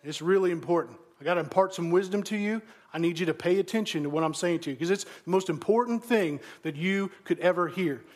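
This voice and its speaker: A man's voice: sits high, fast, voice pushed down. A man voicing a stern, earnest middle-aged father who gives his teenage son a grave, insistent lecture. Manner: solemn, insistent, repeats himself.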